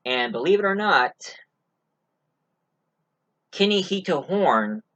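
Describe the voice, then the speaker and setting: A man's voice: on the high side, sing-song, slow pace, fairly bright tone, poor audio. Rambling, joking man reviewing a movie. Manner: rambling, many fillers, joking asides. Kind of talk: casual spoken movie review.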